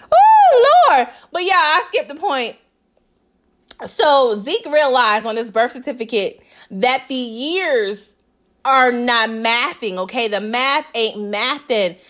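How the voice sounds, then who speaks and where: Chatty high-voiced woman recapping a show. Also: slow. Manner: chatty, animated, laughs often, keeps asking "okay?"; slips into voices when quoting characters. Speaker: TV recap vlogger.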